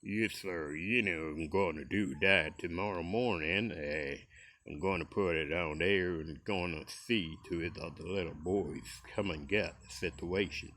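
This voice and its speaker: A man doing a teasing impression of an eager American worker, lower than his own voice. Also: unhurried, fairly bright tone. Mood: mock-formal. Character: man mimicking a plain American workplace voice.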